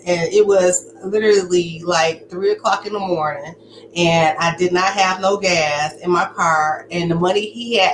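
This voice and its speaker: A woman's voice: medium pitch, fairly bright tone. A woman giving a candid personal testimony, talking in a conversational, emphatic way. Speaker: storyteller sharing her survival story. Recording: echoey room with faint background noise.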